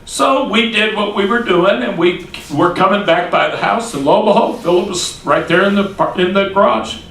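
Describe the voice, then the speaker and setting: A male preacher with a high voice tells a story in a folksy, homespun way, stacking up "he said" as he acts out each voice. He sounds far from the mic, in an echoey room. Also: moderate pace, creaky, fairly bright tone. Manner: folksy, repeats "he said" while acting out quoted voices. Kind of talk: sermon storytelling.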